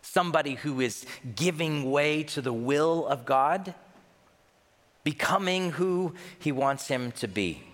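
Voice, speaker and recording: Man, pastor, sermon, emphatic, slightly high voice, long hall reverb. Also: lively intonation, slow pace, fairly bright tone. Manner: emphatic, with rhetorical questions.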